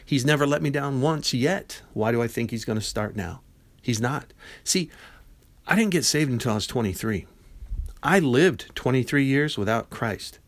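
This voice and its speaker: A man in his fifties talks through his faith on a podcast in a warm, mid-pitched voice. He speaks casually and animatedly, slipping into quoted dialogue as he tells stories. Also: expressive, normal speed. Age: 50s. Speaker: podcast host. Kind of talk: Christian devotional podcast talk.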